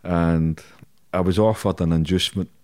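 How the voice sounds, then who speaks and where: Deep-voiced Scottish man, blunt and sweary. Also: steady tone, moderate pace, mellow, no echo, clean studio sound. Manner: blunt, heavy swearing, chuckles through anecdotes. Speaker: interview guest. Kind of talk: casual storytelling.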